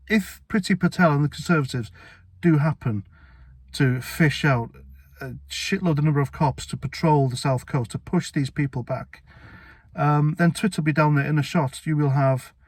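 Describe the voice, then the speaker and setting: A British man delivering an opinionated video rant, blunt and indignant with biting sarcastic asides. His voice sits at a middling pitch for a man, and the recording is close and dry with no room sound. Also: a little mellow, dry recording. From Britain. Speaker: vlogger. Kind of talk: opinionated political rant to camera.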